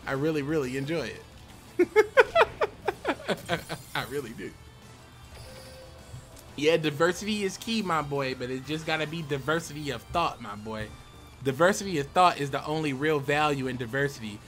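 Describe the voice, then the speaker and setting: Man, casual streamer, swears and laughs a lot, slightly high voice, faint music behind. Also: big pitch swings, moderate pace, long pauses, a bit bright. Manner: loose, profane, laughs often. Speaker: card game streamer. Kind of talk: casual live-stream chat.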